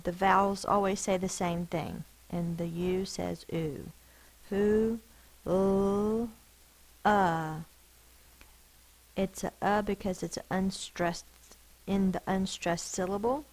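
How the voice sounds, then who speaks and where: A female teacher with a lowish voice explains the rules behind each sound in a spelling lesson, patiently sounding out words slowly and carefully. The recording is rough.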